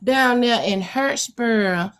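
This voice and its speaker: A woman's voice: a little high, slow, a bit bright. A woman from Alabama with a rural Alabama accent, a guest poet talking through her answers in a reflective way with many hesitant fillers. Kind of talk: casual interview chat.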